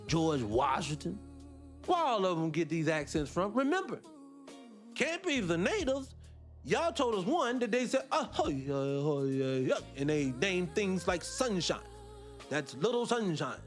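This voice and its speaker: High-voiced man hosting a reaction show. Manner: conversational, sarcastic asides, speaks directly to viewers. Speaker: morning show host. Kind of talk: reaction commentary.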